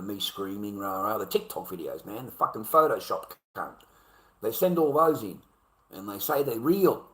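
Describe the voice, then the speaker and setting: A middle-aged Australian man rants to his viewers in a rambling, profane way, full of casual slang. His voice sits at an ordinary pitch for a man. The sound has a noticeable echo, as if he is recording in a bare room. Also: a bit bright. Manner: profane, rambling, swears heavily. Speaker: video creator. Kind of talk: casual rant to camera.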